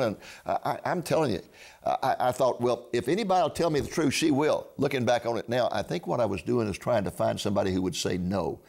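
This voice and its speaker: A man's voice: mid-range voice, gravelly, a little mellow. An older man, telling a personal faith testimony as a ministry host and acting out the dialogue he quotes. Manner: earnest storyteller, acts out quoted dialogue.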